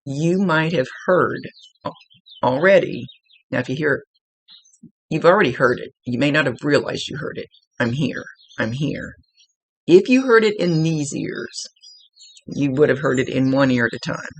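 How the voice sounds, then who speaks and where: A woman's voice: low voice, normal speed, pauses often, slightly rough, low-quality recording. A woman psychic medium giving a casual spoken reading, chatty and explanatory with folksy asides.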